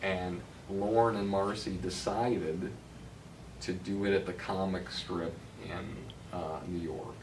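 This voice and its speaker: A man's voice: low-pitched, slow. A middle-aged man, a talent manager guesting on an interview, telling anecdotes casually with lots of um and uh fillers. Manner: animated storyteller, many um and uh fillers. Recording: roomy, distant mic, noisy.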